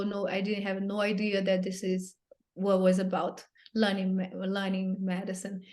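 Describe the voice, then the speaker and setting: Speaking at a medium pitch, a woman recounts something from her own life while being interviewed. Her delivery is earnest but halting, with phrases often repeated or begun again, in English that isn't her native tongue.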